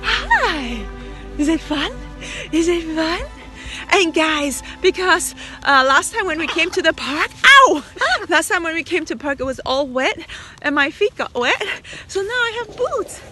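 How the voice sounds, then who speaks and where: A woman vlogging in an open park outdoors who calls out loudly and laughs often. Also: very high-pitched, lively intonation, a little slow, soft background music. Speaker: vlogger with a pet parrot. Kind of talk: casual outdoor vlog.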